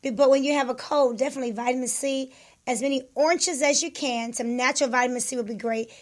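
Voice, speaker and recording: A woman with a high voice co-hosts a talk radio show. She sounds slightly hoarse and chats as she hands out advice. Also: steady tone, fast. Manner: chatty, giving advice.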